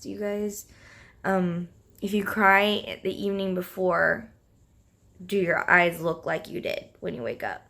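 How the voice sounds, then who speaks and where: A young woman vlogging in a casual, chatty way, giggling often and filling her talk with "like" and "um," with a slightly rough morning voice. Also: on the low side, fairly bright tone. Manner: chatty, giggly, lots of fillers. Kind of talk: casual vlog chat.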